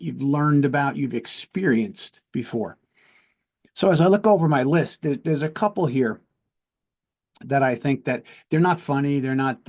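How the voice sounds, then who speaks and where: A man's voice: mid-range voice, darkish tone. Earnest man hosting a storytelling podcast. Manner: earnest, conversational, often checks in with "right?". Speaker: podcast host and police lieutenant. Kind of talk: casual storytelling.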